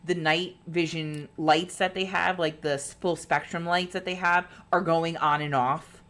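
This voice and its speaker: A woman's voice: on the low side, steady tone, unhurried, a bit bright. A woman co-hosting a podcast, casually retelling a ghost-hunting show, swearing freely and acting out what people said. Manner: chatty, swearing, acting out quotes. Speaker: podcast co-host.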